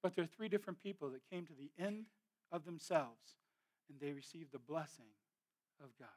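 A man preaching a sermon, swelling loud on key phrases and then dropping to soft, trailing endings. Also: a little high, a little fast. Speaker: pastor.

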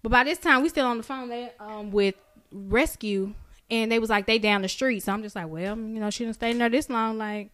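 A woman co-hosting a podcast, telling a story in casual chat, animated and profane, jumping high in pitch when she acts out her own reactions. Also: a little fast. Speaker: podcast co-host.

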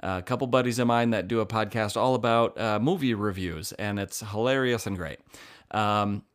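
A young man co-hosting a podcast, upbeat and joking in a casual chat. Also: fairly low pitch. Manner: upbeat, joking, quick asides. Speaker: podcast co-host.

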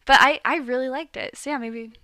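A woman chatting casually about a horror movie on a podcast, animated and often laughing. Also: sits high, brisk, no room sound. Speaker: podcast guest. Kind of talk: casual chat.

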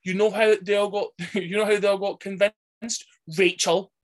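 A man's voice: high-pitched, little pitch movement, moderate pace. A man who is a podcast guest, chatting casually and animatedly about a film, laughing often and acting out quotes. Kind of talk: casual chat.

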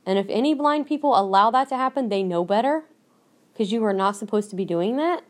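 A woman's voice: mid-range voice, animated, brisk. A woman hosting her own podcast, talking alone in a blunt, emphatic way that keeps repeating her points. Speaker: podcast host. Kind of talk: solo podcast rant. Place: lives in Minnesota.

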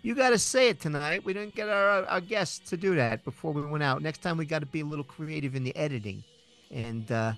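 A man's voice: a little high, a little fast, a bit bright, faint music behind. A man co-hosting a podcast in casual, jokey banter, rambling and cursing freely. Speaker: podcast co-host.

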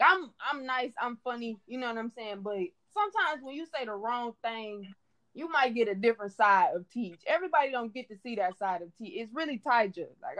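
Animated, cursing woman podcast host. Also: on the high side. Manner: profane, animated, indignant. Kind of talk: casual podcast rant.

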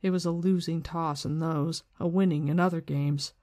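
Book-discussion host, casual and slangy, middle pitch, very dry sound. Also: fairly even intonation, normal speed, darkish tone, dry recording. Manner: casual, swears, slangy retelling. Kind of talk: casual book discussion with read-aloud passages.

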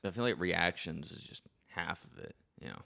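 A man's voice: deep voice, animated, normal speed, creaky, sharp tone. A young man co-hosting a casual podcast, laid-back and teasing. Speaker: podcast co-host.

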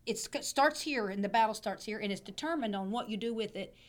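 A woman pastor talks on a podcast with a voice made hoarse by laryngitis. She teaches in a loose, chatty way, repeating words and clearing her throat. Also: medium pitch, brisk. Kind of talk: casual teaching chat.

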